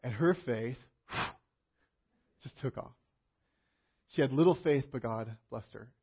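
A man's voice: medium pitch, slow pace, dull audio, a little hiss or hum. A man preaching a sermon in a conversational way, telling a personal story with many restarts and fillers.

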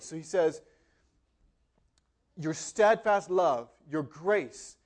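A man's voice: on the high side, drawn-out words, pauses often. A man preaching a sermon, reading scripture aloud with emphatic, dramatic delivery. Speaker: pastor.

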